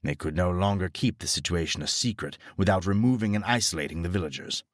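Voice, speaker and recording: A man narrating a horror story in a dramatic, expressive storytelling style. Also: low-pitched, brisk, slightly rough, dry recording, studio quality. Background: faint music.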